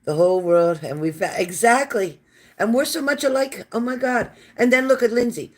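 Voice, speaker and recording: A woman with a raspy, low smoker's voice and a sore throat, hosting a casual livestream and warmly thanking viewers by name. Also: normal speed. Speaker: livestream host reading viewer comments.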